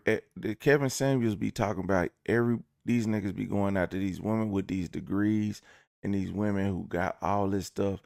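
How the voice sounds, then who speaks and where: A man with a deep, heavily gravelly voice, recorded dry and close with no room sound. He rambles through a casual storytime rant, swearing and joking as he acts out little bits of dialogue. His delivery is loose and conversational. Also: no room sound. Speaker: vlogger.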